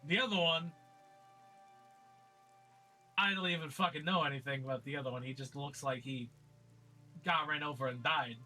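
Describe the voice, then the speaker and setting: A brash, hot-tempered brawler with a crude mouth, played by a man in a tabletop game. The voice sits high and bright, and he rambles through long, profane rants. Music plays faintly behind him. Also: normal speed, long pauses. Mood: grumbling. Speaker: player voicing his character.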